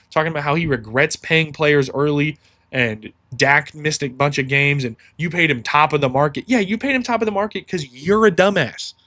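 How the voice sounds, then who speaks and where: A man's voice: on the high side, fairly bright tone. A man hosting a solo sports podcast, ranting heatedly and swearing freely.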